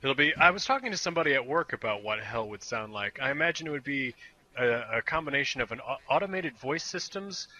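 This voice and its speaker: A man's voice: medium pitch, animated, fast talker, background noise. A man chatting casually on a podcast, rambling through stories and acting out exasperated voices.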